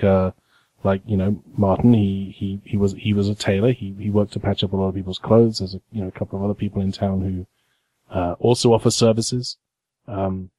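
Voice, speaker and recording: A man's voice: on the low side, darkish tone, no echo, natural voice. A man playing a stern trench-coated colony sheriff. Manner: halting, firm warnings. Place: game cafe.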